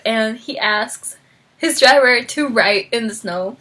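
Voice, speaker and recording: A young woman reviewing a romance novel in a casual vlog, bubbly and animated, acting out characters' lines and laughing often. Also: a little slow. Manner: bubbly, acts out characters' lines with big pitch jumps; frequent fillers and laughter. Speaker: book vlogger.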